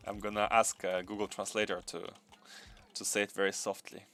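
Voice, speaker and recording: A man's voice: lowish voice, very animated, a little slow, fairly bright tone. A man hosting a live gameplay stream. He thinks aloud, repeats his phrases, chuckles often and chats with viewers. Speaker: gaming livestream host.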